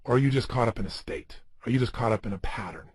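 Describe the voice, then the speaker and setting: A man's voice: medium pitch, fast talker, a little mellow, breathy edge, dry recording. A man giving a motivational seminar talk, speaking emphatically and asking the listener many rhetorical questions.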